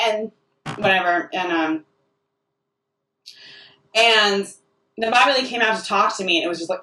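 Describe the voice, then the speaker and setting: A woman's voice: mid-range voice, normal speed, pauses often, pushed and bright. A woman delivering a rambling comic monologue, often restarting her sentences. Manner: rambling and self-interrupting, full of restarts. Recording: echoey room, distant mic.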